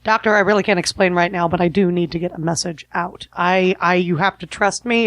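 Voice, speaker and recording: A woman player in a tabletop game, talking casually and jumping in quickly. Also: fairly low pitch, no room sound.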